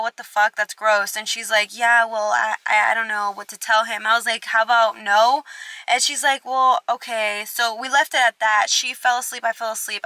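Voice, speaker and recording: A woman's voice: fairly high pitch, dry recording. A young woman vlogger telling a storytime, swearing freely and acting out both sides of the conversations. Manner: expressive, swears a lot, acts out both sides. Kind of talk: storytime vlog.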